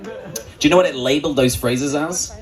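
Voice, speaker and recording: A man's voice: on the high side, moderate pace, poor audio. Crude, joking male stand-up comedian. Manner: jokey, crude, acts out quoted voices. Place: comedy club stage before an audience.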